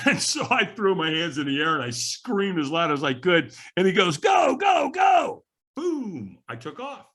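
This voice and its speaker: A man telling his life story as a podcast guest, animated and acting out the voices of the people in it. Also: on the high side, moderate pace, few pauses, some chatter behind. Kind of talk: storytelling in casual interview.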